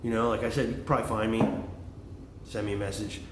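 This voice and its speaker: A middle-aged man rambling in a profane, excitable vlog monologue, jumping from topic to topic. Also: fairly low pitch, fast, roomy sound, noisy background. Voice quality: extroverted and excitable. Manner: animated, swearing, jumps between topics. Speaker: vlogger.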